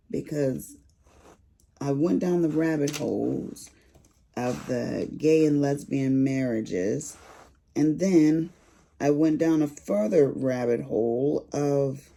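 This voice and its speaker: Sassy, gravelly-voiced woman chatting slowly. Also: sits low, dark tone. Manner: chatty, sassy, rambling storyteller. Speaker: crafting vlogger. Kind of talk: casual chat while diamond painting.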